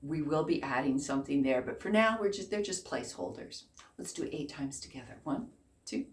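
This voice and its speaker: A woman's voice: very deep voice, lively intonation, brisk. A woman in her fifties teaching a beginner ukulele lesson, encouraging and counting along with her students. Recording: echoey room, faint noise.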